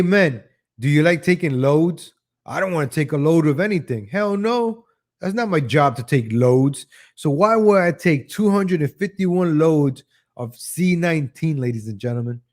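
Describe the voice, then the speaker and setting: A man's voice: fairly high pitch, a little mellow. A man whose first language is Spanish, hosting an opinion commentary show in a ranting, sarcastic, emphatic way. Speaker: show host.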